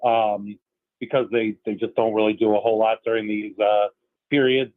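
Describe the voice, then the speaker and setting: Flat-voiced man on a tinny phone line. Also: medium pitch, no echo. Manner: steady, lots of uh fillers. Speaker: team reporter. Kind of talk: phone-in radio interview.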